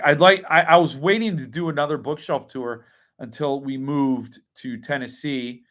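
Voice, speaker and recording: A man's voice: a little high, fairly bright tone. A man hosting a casual livestream, rambling as he reads and answers chat comments. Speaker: host.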